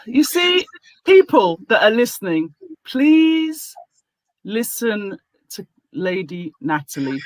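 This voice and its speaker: A woman hosting a casual online talk show, speaking deliberately and reading out her own posts with emphasis. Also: medium pitch, big pitch swings, dry recording, low-quality recording. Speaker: host.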